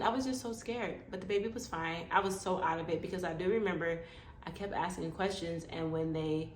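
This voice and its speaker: A woman vlogger telling a personal story in a lively way, acting out what others said. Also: on the low side, fairly quick. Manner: animated, acts out quoted dialogue. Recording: echoey room with faint background noise.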